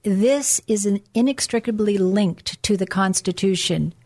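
A woman's voice: medium pitch, measured pace, darkish tone. Earnest middle-aged woman preaching. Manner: earnest, preachy, reads documents aloud. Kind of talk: religious political talk show.

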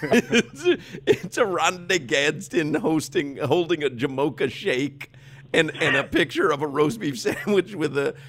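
A man's voice: on the high side, animated, a little slow, fairly bright tone. A man hosting a sports radio show, trading casual banter, teasing and often laughing as he talks.

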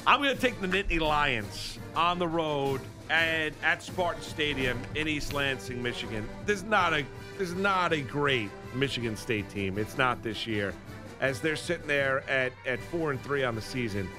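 A man's voice: mid-range voice, animated, moderate pace, music in the background. A man co-hosting a sports radio show, chatting casually and teasing his partner, then running through football picks.

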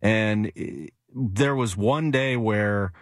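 A man's voice: lowish voice, slow, no room sound, studio quality. A man, a sports reporter, telling stories in casual talk, acting out the quotes he recounts. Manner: animated storyteller who acts out quotes. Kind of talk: casual radio talk storytelling.

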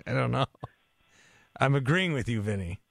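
A man's voice: mid-range voice, creaky, fairly bright tone, dry recording. A male sports radio host talks on a dry studio mic. He is chatty and casual, laughing along with callers and often restarting his sentences as he goes. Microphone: studio microphone.

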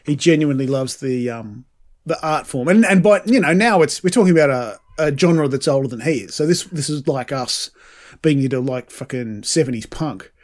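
A man's voice: medium pitch, expressive, normal speed, darkish tone. A man, co-hosting a podcast and reviewing an album in casual, rambling, sweary chat. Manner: rambling, sweary, frequent restarts. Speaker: podcast co-host.

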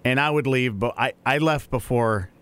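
A man's voice: medium pitch, normal speed, fairly bright tone, clean tone. Midwestern male co-host, casual joking delivery, mid-range voice. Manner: laid-back, jokey storytelling. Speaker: radio show co-host. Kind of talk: casual morning show chat.

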